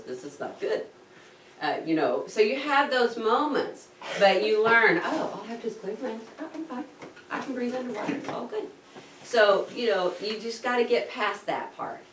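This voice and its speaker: A woman with a low voice tells a lively story about herself, acting out her own startled gasps. She sits back from the mic in a roomy space that echoes around her, with a faint hum of ambience behind. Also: recorded from a distance. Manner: animated, acts out her own gasps and panic. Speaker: diving vlogger recounting her scuba course. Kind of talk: casual storytelling to camera. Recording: roomy echo, speaker set back from the mic.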